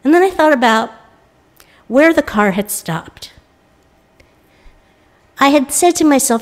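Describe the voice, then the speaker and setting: An American woman intern minister giving a reflective sermon, telling a personal story and voicing the people in it with lively quoted lines. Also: sits high, slow pace, pauses often. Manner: reflective, animated when quoting others. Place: church sanctuary.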